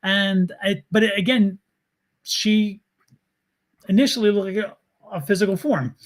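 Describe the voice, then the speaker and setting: A man's voice: high-pitched, steady tone, a little slow. A man hosting a tarot show, telling a story in a casual chat and animatedly acting out his own thoughts. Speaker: tarot reader and host.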